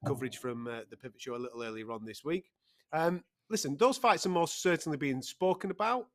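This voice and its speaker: Male presenter, slightly high voice, relaxed hosting with frequent fillers. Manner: conversational, hesitant with fillers, steers the talk. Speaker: host. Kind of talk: live broadcast presenting.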